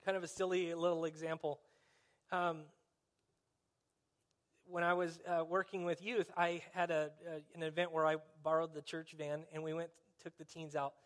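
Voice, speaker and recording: A man's voice: on the high side, flat delivery, normal speed. A man preaching a conversational sermon, dropping in wry, sarcastic asides.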